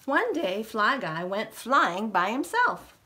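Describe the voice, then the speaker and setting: A middle-aged woman reading a picture book aloud to young children as a librarian, with slow, expressive delivery. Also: fairly high pitch. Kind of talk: children's storytime read-aloud.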